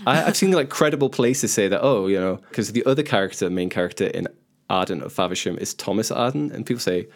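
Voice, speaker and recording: Rambling man, lowish voice. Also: animated, fast. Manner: rambling, many restarts, earnest. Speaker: podcast guest. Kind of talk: casual podcast chat.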